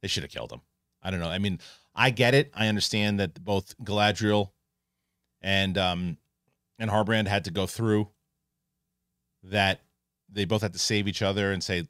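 A man hosting an online show, giving a casual spoken review of a TV episode, animated and full of restarts. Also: low-pitched, clear, resonant tone, dry recording, clean studio sound. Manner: animated, restarts often, acts out characters in quick asides.

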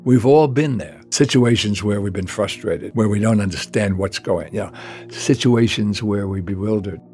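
A man's voice: lowish voice, normal speed, darkish tone. A man in an interview, recalling his work with wry, amused storytelling. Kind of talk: interview recollection.

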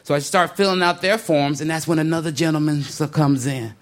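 A male stand-up comedian tells a story in an animated, conversational way, slipping into voices for its characters. His voice sits on the high side and moves briskly.

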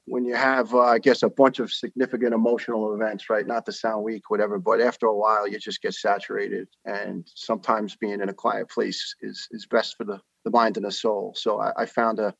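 A man's voice: fairly low pitch, flat delivery, a little fast, vocal fry, hardly any pauses, a bit bright, breathy edge, dry recording. New York man in his fifties, dull dry line. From New York City. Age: 50s. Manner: earnest storytelling with many uhs. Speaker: podcast guest. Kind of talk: casual interview talk.

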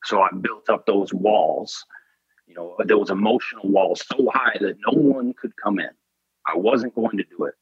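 A man's voice: on the low side, moderate pace, muffled recording. A man in an interview, telling a personal story in an earnest, intense way. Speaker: podcast guest.

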